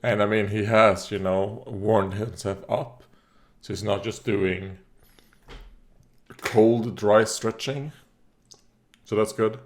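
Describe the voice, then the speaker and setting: A man with a lowish voice rambles through a casual reaction video. He fills his talk with "uh" and "like", coughs here and there, and tosses remarks straight at the screen. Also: fairly even intonation, takes it slowly, long pauses. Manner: rambling, talks back at the screen; frequent fillers and coughs. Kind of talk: casual commentary while watching.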